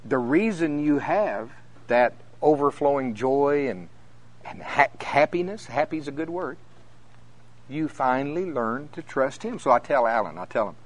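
Speaking at medium pitch and an unhurried pace, a middle-aged preacher addresses his congregation. His sermon is full of animated stories, and he voices the characters himself, laughing often along the way.

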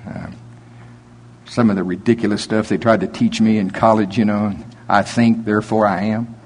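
A man preaching a sermon, reading scripture slowly with emphasis and rising into animated preaching. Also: on the low side, slightly rough.

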